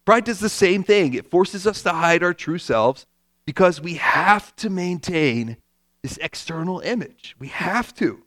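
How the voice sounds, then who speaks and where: A man's voice: sits high, animated, measured pace, a bit bright, no echo, studio quality. A man preaching a sermon as pastor, conversational and emphatic, repeating his key points.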